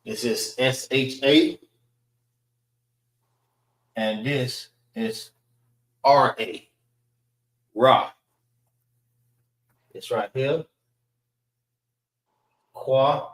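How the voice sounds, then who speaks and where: Slow, patient man teaching letter sounds. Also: mid-range voice, fairly bright tone, roomy sound. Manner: slow, patient, repeats each sound with "all right". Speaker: teacher of a class.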